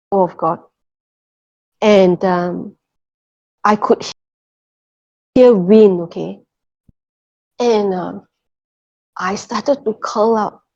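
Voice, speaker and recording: A middle-aged woman shares her faith story earnestly, her mid-range voice a little mellow. Her speech is full of "okay" and "you know" as she checks in with listeners, and the lo-fi recording sounds muffled.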